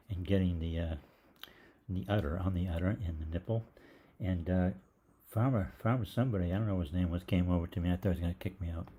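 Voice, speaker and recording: A man's voice: sits low, dark tone, slight background noise. An older man, a holistic gastroenterologist, telling a rambling story in a live Q&A, with many fillers. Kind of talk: live Q&A monologue.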